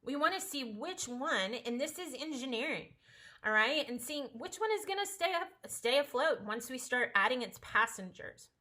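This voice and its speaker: A woman's voice: high voice, animated, moderate pace, pushed and bright. A woman teaching a casual home-school science lesson, chatty, playful and encouraging.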